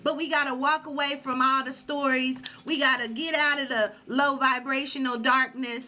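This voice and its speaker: High, bright-voiced woman giving an inspirational talk. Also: steady tone, normal speed. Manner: emphatic and preachy, repeating phrases for effect. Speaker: livestream host.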